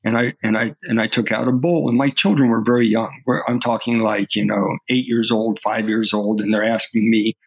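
A man's voice: on the low side, fairly even intonation, normal speed, few pauses, husky, no room sound, poor audio. A middle-aged man, a podcast guest, telling personal stories earnestly and often restarting his words. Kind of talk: earnest storytelling in conversation.

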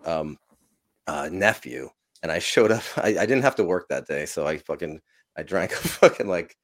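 A man's voice: low voice, animated, moderate pace. A man who is a podcast guest, telling long, rambling, profanity-laced stories and laughing through them. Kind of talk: casual storytelling.

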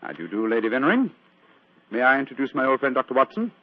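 An actor playing a sharp, cool-headed male detective in 1940s radio-drama style, with crisp, precise and dryly amused speech. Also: mid-range voice, big pitch swings, fast, slight background noise, natural voice. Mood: measured. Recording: tinny old radio broadcast.

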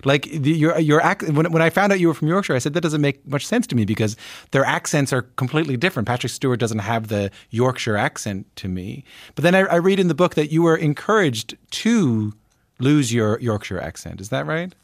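A man's voice: on the high side, animated, fairly quick, dry recording, studio quality. A man from Newfoundland, Canada, hosting an interview in an easygoing, chatty way with frequent fillers. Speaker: interview host. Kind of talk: casual conversational interviewing.

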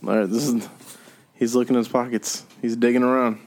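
A man's voice: mid-range voice, level tone, a little fast, darkish tone. A young man co-hosting a podcast, ribbing his friend with swearing and mock play-by-play in casual chat. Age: young adult. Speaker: podcast co-host.

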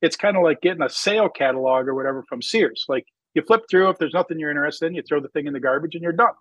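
A man's voice: a little high, fast talker, no echo, lo-fi sound. A man, a drag racer who started a magazine, telling his story in a rambling, casual interview chat full of fillers. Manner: rambling, filler-heavy, animated when quoting himself.

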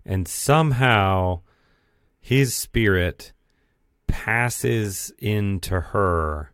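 A man with a very deep voice talks slowly and deliberately as he walks through his take on a film. The sound is dry and close, with no room around it. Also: a bit bright, clear, resonant tone, no echo. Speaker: podcast co-host. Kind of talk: casual film review chat.

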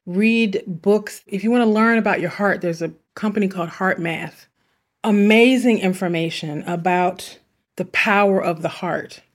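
A woman hosting a self-help podcast, speaking in an earnest, chatty way with asides. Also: mid-range voice. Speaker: podcast host. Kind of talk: reflective self-help talk.

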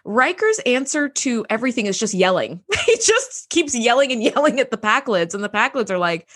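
A woman recapping a TV episode on a podcast, her pitch sitting a little high and swinging widely as she talks. She laughs often and slips into quick impressions of the characters. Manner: animated, laughs often, acts out characters' lines. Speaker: podcast co-host. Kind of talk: casual chat recapping a TV episode.

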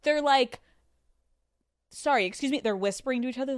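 Profane, animated woman podcast host. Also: high-pitched, moderate pace, smooth, no echo, studio quality. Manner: animated, profane storytelling with frequent laughs. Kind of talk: solo podcast storytelling. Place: studio.

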